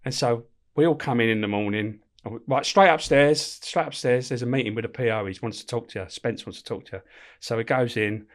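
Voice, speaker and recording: A middle-aged man telling stories in an animated, casual way. He swears freely and breaks into laughter mid-story, with a voice of ordinary male pitch. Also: fairly quick. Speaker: guest, former prison officer. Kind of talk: casual storytelling in a podcast interview.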